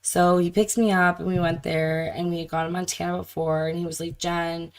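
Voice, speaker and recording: Low-voiced woman reading deposition answers. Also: flat delivery, a little fast, clear, resonant tone, rough recording. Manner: laughs often, breaks into giggles. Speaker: reader of deposition transcript.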